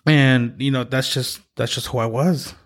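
A man from Mexico hosting a podcast, telling a personal story in a halting, reflective way with many pauses and restarts. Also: medium pitch, fairly even intonation. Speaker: podcast host.

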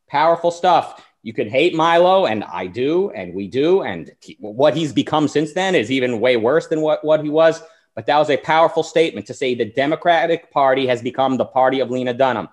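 A man's voice: medium pitch, animated, a little fast. A man hosting a talk show, delivering an argumentative political monologue and acting out the people he quotes. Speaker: show host.

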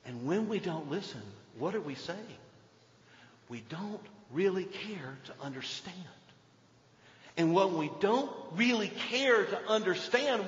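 An older man preaching a sermon, swinging between emphatic lines and hushed ones. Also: high-pitched, lively intonation, a little slow. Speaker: pastor. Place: church sanctuary. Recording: dull echoey church hall recording.

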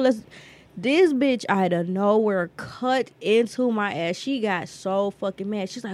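Woman on a podcast, cussing a lot, telling a story and doing everyone's voices, mid-pitched. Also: moderate pace. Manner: blunt, profane storytelling with lively quoted voices. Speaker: podcast co-host. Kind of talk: casual storytelling chat.

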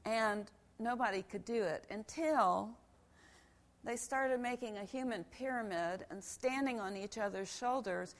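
A woman pastor giving a lively sermon in a church, telling a story and acting parts out with volunteers. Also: medium pitch, vocal fry. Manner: animated storyteller, demonstrates with volunteers. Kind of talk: children's sermon with props.

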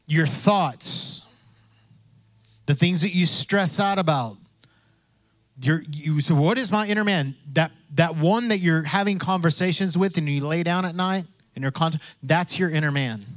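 A man's voice: a little high, unhurried, no echo. Chatty preacher man, dry close sound. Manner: conversational preaching, repeats phrases, acts out quoted voices. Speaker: pastor. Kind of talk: sermon.

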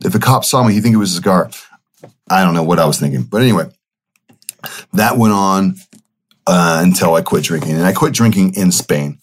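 A young podcast host tells a personal story in a casual, rambling monologue full of fillers and self-corrections. His voice sits low, he talks a little fast, and he leaves long pauses.

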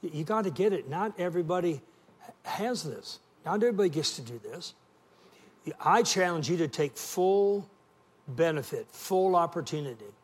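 A middle-aged man preaches with a folksy, storytelling warmth and draws the congregation into call and response. His voice sits a little higher than most men's. He keeps the sermon conversational and direct. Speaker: guest preacher.

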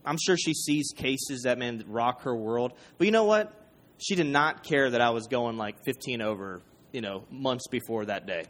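A man preaching, telling a funny personal story with animated quoted voices. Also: mid-range voice, moderate pace. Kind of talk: storytelling sermon.

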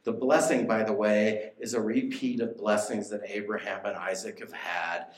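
Low-voiced male preacher in an echoey room. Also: fairly even intonation, moderate pace. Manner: conversational, asks the listeners questions. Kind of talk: sermon.

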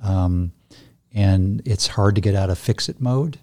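Older man, gentle reflective interviewee, low warm voice. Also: unhurried. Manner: gentle, reflective, restarts phrases. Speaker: guest, somatic therapist. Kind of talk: conversational interview.

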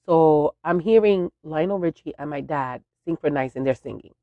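A woman hosting a podcast who tells a family story in a chatty, animated way. Her voice has a gravelly fry to it. The sound is dry and close. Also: low voice, normal speed, no echo, phone-quality sound. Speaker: podcast host. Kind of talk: casual storytelling.

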